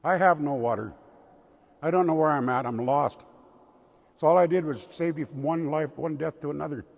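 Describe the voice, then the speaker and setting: Weary lost raven son as an older man tells it, gravelly, deep cathedral echo. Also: moderate pace. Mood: despairing. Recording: long cathedral reverb.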